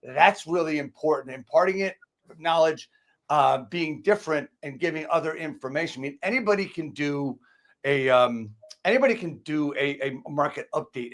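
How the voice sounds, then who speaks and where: A man's voice: fairly high pitch, a bit bright. A man hosting a casual podcast, asking blunt conversational questions. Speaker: podcast host.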